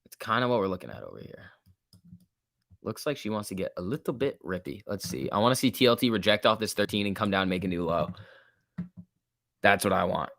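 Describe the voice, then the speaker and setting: A man's voice: lowish voice, animated, brisk, creaky, long pauses, a bit bright, dry recording, clean studio sound. Laid-back man hosting a stock livestream. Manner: laid-back, chatty, laughs often, talks to chat. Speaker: stock market livestream host. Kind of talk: casual livestream commentary reading chat.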